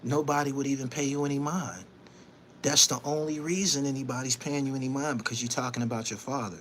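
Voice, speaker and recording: A man's voice: medium pitch, fairly even intonation, fast, slight background noise. Heated man scolding on a live stream. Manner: emphatic, repetitive, scolding; preachy, invoking faith. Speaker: host of an online show.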